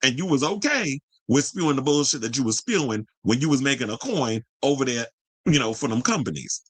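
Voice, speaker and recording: Guy ranting on his commentary stream, cussing a lot, arguing with chat, mid-pitched voice, dry close sound. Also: very animated, brisk, no room sound, poor audio. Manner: profane, blunt and combative; talks straight to viewers and chat comments. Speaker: host of a pop culture commentary channel. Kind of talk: livestream commentary rant.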